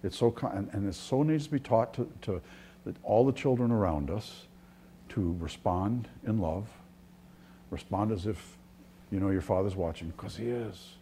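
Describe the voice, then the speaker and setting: Male pastor, sermon, low voice, mellow tone, earnest with restarts. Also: normal speed, slight background noise. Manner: earnest, with restarts, dropping to near-whispers.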